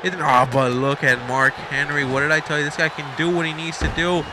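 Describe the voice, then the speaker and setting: A man doing excited, rambling play-by-play commentary over a video game match, shouting at the big moves. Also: a little high, a little fast, noisy background.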